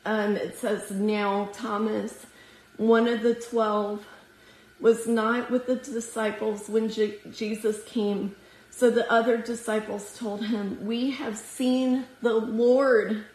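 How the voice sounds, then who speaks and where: A woman preaches in a slow, prayerful cadence, her slightly high voice thick with tears. She speaks earnestly to a group of women, and her words ring around an echoey room. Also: flat delivery, a little mellow. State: teary. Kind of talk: devotional sermon with scripture reading.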